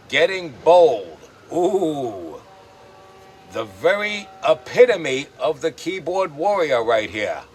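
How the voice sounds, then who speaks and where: A man hosting his own commentary show speaks in a fairly high voice at a deliberately slow, drawn-out pace. He rants with mocking sarcasm and frequent profanity. Faint traffic sounds drift behind him. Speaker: host. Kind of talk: ranting commentary.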